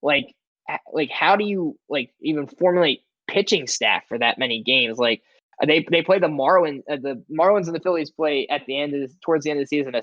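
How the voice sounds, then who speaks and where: A man's voice: fairly high pitch, a bit bright, no echo, highs cut off. A man co-hosting a sports podcast, talking in a rambling, casual way with lots of "like"s and restarts. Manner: rambling, filler-heavy, many "like"s and restarts.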